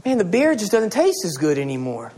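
A man's voice: high voice, huge pitch swings, fairly quick, darkish tone, slight background noise. A man preaching a sermon as a pastor, pleading and emphatic, repeating his appeals to the congregation. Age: adult with children and a wife.

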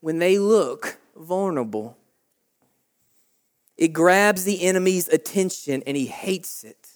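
A youth pastor preaching a sermon in church, emphatic and animated, addressing the teenagers directly. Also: mid-range voice, slow.

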